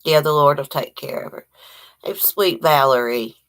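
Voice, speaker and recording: Middle-aged woman, deep-ish voice, chatty livestream host who rambles and shouts out viewers. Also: normal speed. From Virginia, US. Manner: chatty, greets viewers by name, warm and rambling. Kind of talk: casual live-chat morning talk.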